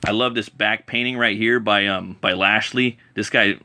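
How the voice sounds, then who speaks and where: A man's voice: lowish voice, steady tone, moderate pace, pushed and bright. A man casually reviewing comic books, rambling enthusiastically with many fillers and restarts.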